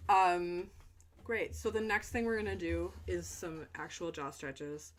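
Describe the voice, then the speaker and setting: A young adult woman, a voice teacher, talking through a stretch routine in a relaxed, chatty way with fillers and asides. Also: fairly low pitch, a little slow. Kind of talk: instructional stretch demonstration.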